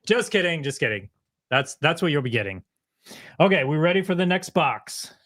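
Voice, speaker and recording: A man's voice: on the high side, very animated, normal speed, a bit bright. A man hosting a livestream giveaway in casual chat, upbeat and joking, laughing often. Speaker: livestream host.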